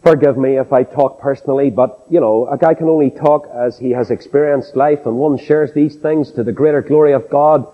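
A man with a Northern Irish accent preaching a sermon, telling stories with folksy asides and dropping from high exclaims to low confiding tones. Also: steady tone, fairly quick, hardly any pauses. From Northern Ireland. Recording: dull lo-fi tape in a reverberant hall.

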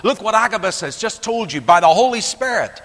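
Preacher doing weeping friends begging, pitched way up, bright, in a reverberant hall. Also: male voice, lively intonation, fairly quick, full character voice. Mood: pleading. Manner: high, urgent, pleading. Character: pleading tearful group of friends.

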